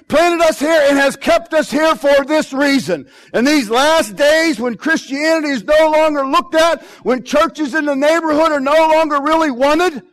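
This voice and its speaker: High-voiced preaching man. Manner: emphatic preaching, repeats phrases, rises and drops in loudness. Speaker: pastor. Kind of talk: sermon. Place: church.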